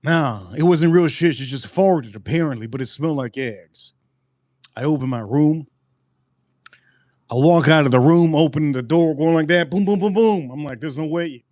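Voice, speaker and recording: A man hosting a live stream and telling a personal story in an animated, profane way, often repeating his lines. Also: on the high side, moderate pace, no echo, clean studio sound.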